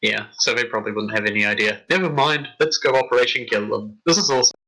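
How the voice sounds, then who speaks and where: A man's voice: lowish voice, fast talker, bright, forceful tone, rough recording. A man playing a tabletop game, chatting casually with eager questions. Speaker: player.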